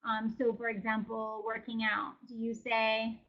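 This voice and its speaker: High-voiced woman giving a wellness webinar. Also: monotone, a little slow, hardly any pauses, lo-fi sound. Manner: conversational, encouraging, many fillers. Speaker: wellness educator. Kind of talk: webinar presentation.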